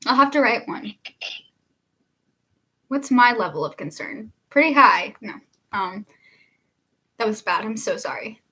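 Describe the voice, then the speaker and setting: Giggly bright-voiced young woman streamer. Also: on the high side, animated, unhurried, pauses often, slightly rough. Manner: giggly, laughs often, reads viewer comments aloud. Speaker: singer-songwriter hosting a livestream. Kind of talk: casual livestream chat.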